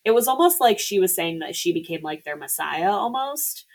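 Woman podcaster w/ a real low voice, chatty, going through the plot. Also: lively intonation, normal speed, rough recording. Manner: chatty, laughing, lots of "like" fillers. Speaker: podcast co-host. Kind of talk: casual movie recap chat.

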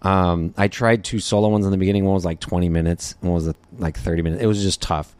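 A man guesting on a podcast, talking in a loose, rambling way full of fillers. His voice is fairly low. The sound is dry and close, with no room around it. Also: steady tone, fast talker, a little mellow, smooth, no echo. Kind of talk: casual interview chat.

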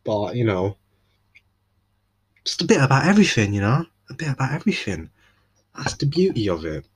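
A man's voice: mid-range voice, sing-song, normal speed, husky. A young man with an East London accent hosting a solo podcast, rambling casually with slang and frequent restarts. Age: young adult. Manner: rambling, self-interrupting, laid-back slang. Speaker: podcast host.

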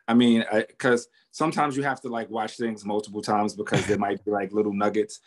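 A man's voice: on the low side, level tone, a little fast. A man hosting an interview, speaking in a laid-back, conversational way with plenty of ums. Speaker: interviewer host. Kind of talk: casual interview.

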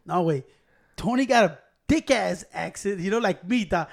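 A man's voice: high voice, lively intonation, moderate pace, gravelly. A man bantering in a teasing, crude, joking way, mixing English and Spanish.

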